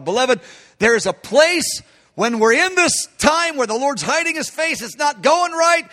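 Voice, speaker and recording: Preacher guy with a really high bright voice, emphatic sermon. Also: expressive, normal speed. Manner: emphatic, calls listeners "beloved".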